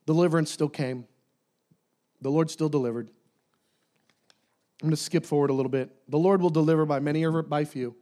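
A man preaching a sermon, animated, acting out voices and dropping to near-whispers for emphasis. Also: on the high side, fairly quick, long pauses. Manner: dynamic, swinging from loud to soft near-whispers.

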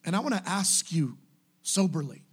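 Impassioned high-voiced male pastor. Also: lively intonation, moderate pace, slightly rough. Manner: impassioned, exhorting, swings from soft to shouting. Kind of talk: sermon.

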